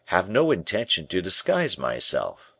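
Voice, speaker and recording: A calm, guarded bishop who answers gravely and without hurry, as voiced by a man. The voice is deep and low. It is recorded close and dry. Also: no room sound, exaggerated voice. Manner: slow, grave, measured replies.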